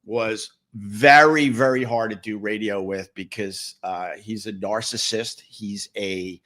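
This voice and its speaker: A man's voice: lowish voice, steady tone, slow, bright, forceful tone. A middle-aged man hosting a livestream, chatting casually and answering viewer comments in a rambling, sarcastic way with many repeated words. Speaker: livestream host.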